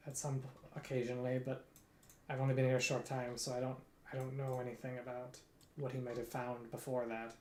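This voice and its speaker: A bewildered, underfed prisoner stammers in a Russian accent, as a man puts him on. The voice sits a bit higher and stumbles over its words. An echoey room surrounds it. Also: darkish tone, close to an everyday voice. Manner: bewildered, halting. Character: weary, starved human male prisoner. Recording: roomy echo.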